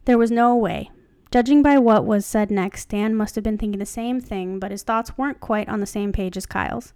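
A woman's voice: medium pitch, normal speed, darkish tone, clean tone, no echo, studio quality. A woman co-hosting a casual podcast, reading a fan story aloud and breaking off to joke and comment. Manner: chatty, joking, stops to comment.

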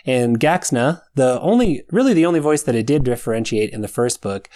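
A man's voice: medium pitch, animated, a little fast, few pauses, warm tone. A man with an American accent, an author chatting casually about his audiobook narration, laughing often.

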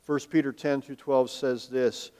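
A male pastor preaching a sermon in a church sanctuary. He asks rhetorical questions and swings between emphatic and hushed delivery. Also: medium pitch, flat delivery, unhurried. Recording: long reverb of a large hall.

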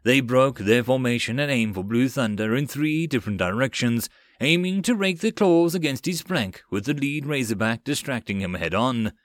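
A man reading a web novel audiobook in a steady storytelling manner. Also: medium pitch, moderate pace, no echo, clean studio sound. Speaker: audiobook narrator. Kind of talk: scripted narration.

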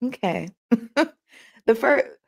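A woman's voice: fairly high pitch, lively intonation, extremely slow, creaky, slightly rough. A woman hosting a casual motivational talk, chatting folksily with viewers, laughing often and reading aloud from a book between their comments. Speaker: host.

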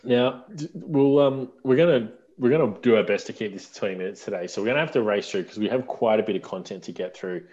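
A man hosting a podcast in casual chat, talking in a relaxed, rambling way with fillers. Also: fairly low pitch, quick pace, hardly any pauses. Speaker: podcast host. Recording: dull lo-fi sound.

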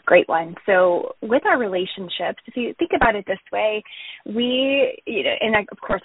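A woman therapist calmly explaining her work in a podcast interview, often saying "you know". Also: medium pitch, husky, dry recording. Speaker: therapist guest. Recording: tinny phone-line audio.

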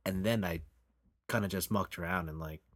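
A man's voice: sits low, normal speed. A man in his late twenties co-hosting a podcast, talking in a laid-back way, with lots of "like" and agreeing. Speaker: podcast co-host. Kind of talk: casual chat.

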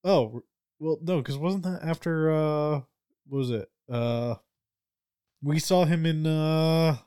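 A man's voice: fairly high pitch, takes it slowly, warm tone, clear, resonant tone. A man co-hosting a casual podcast, often hesitating and searching for words. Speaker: podcast co-host.

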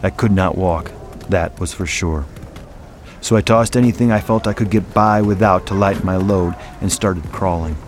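A man reading a first-person horror story in a measured, grave way. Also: low voice, slight background noise. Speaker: narrator.

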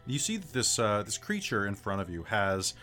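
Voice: deep voice, sing-song, moderate pace, a bit bright, faint music behind. An American game master narrating a tabletop game in a loose, rambling way with many fillers and self-corrections. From United States.

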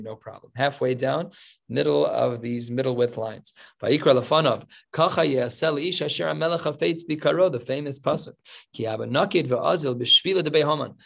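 A man's voice: medium pitch, gravelly. A man teaching a casual Talmud class, explaining passages with wry, humorous asides.

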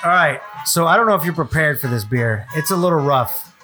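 A man, co-hosting a casual beer-tasting chat with a bright, forward voice. He rambles and jokes through his verdicts, and faint music plays behind. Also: fairly high pitch, expressive, a little fast. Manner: laid-back, joking, rambling. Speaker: podcast co-host.

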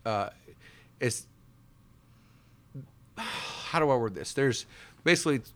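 A man talking as a guest on a radio talk show, rambling casually and slipping into quick impressions of people. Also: medium pitch. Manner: rambling, animated, breaks into impressions. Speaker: guest, bartender and bass player. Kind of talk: casual chat.

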